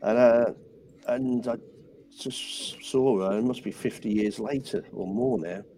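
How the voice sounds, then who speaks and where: A man's voice: mid-range voice, unhurried, warm tone, slight background noise, poor audio. A man, calling in to a radio show and telling a rambling, hesitant story. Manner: rambling, hesitant, repeats himself. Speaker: radio caller. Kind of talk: casual chat.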